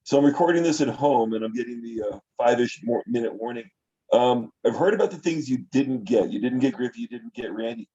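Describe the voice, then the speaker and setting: A man co-hosting a podcast from home, asking a guest questions in quick, short bits. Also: medium pitch, dark tone, slightly rough. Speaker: podcast co-host. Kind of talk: casual interview questions. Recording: dull lo-fi home recording.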